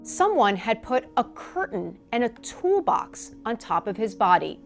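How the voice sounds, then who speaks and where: A woman narrating a true-crime documentary in a measured, informative way. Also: fairly high pitch, sing-song, gravelly, soft background music.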